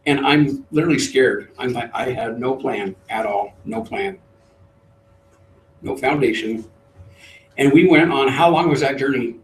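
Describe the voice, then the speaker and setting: A middle-aged man, a trainer, telling a lively story to a live group and acting out the voices. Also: medium pitch, unhurried, long pauses, slight background noise. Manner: animated storyteller, acts out voices. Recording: roomy, distant mic.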